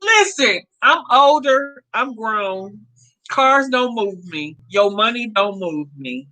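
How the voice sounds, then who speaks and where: Woman in her 50s, vlogger; high, swooping, bright voice, chatty and laughing. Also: slow, rough recording. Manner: animated, laughs often, addresses viewers as y'all. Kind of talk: casual storytelling to viewers.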